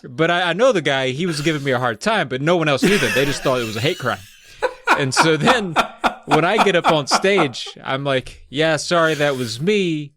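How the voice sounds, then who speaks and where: A man's voice: a little high, expressive, a little fast, a loud crowd. A man who is a stand-up comedian, co-hosting a podcast, recapping a book and telling stories in a rambling, profane, laid-back way. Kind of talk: casual chat recapping a book.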